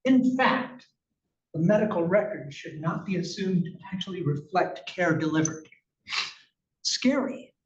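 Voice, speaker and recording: This is an unhurried, animated man with a high-pitched voice delivering a clinical research presentation at a conference. He uses slides, speaks in a conversational yet emphatic way, and asks rhetorical questions throughout. Captured in a conference room, the sound is echoey, far off and muffled, with faint background noise.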